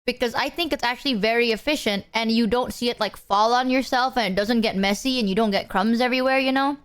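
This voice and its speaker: Young woman, very high voice, casual stream chatter, swears freely. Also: quick pace, clear, resonant tone. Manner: chatty, swears casually, talks while chewing. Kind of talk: casual live-stream chat.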